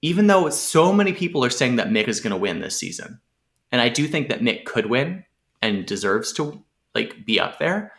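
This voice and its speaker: A man co-hosting a casual chat podcast with a bright, forceful tone. He talks eagerly and sounds enthusiastic about what comes next. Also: mid-range voice, sing-song, normal speed, gravelly. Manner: chatty and enthusiastic. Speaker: podcast co-host.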